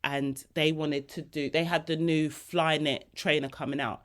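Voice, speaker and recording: A woman's voice: deep voice, level tone, normal speed. A woman hosting a podcast, telling personal stories in a candid, slangy, emotionally open way. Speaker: podcast host.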